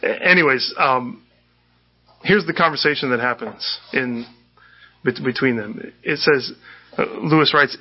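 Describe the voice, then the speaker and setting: A man's voice: mid-range voice, measured pace, pauses often, slightly rough. A male pastor giving an earnest sermon, often repeating words as he restarts. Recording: dull lo-fi sermon recording.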